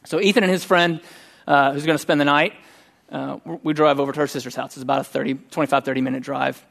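A middle-aged man preaching a sermon, telling a personal story in a conversational, animated way. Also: fairly high pitch, fast talker, gravelly. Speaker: pastor.

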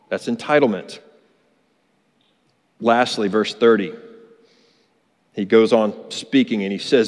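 A man's voice: mid-range voice, animated, normal speed, pauses often. Earnest male preacher in an echoing hall. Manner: earnest, emphatic, repeats key phrases. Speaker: pastor. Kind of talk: sermon. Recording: long reverb of a large hall.

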